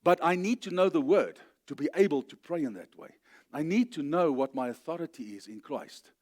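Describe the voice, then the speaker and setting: Emphatic South African pastor preaching. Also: male voice, expressive, brisk. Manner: emphatic, rising to loud declarations then dropping low. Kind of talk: sermon. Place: church.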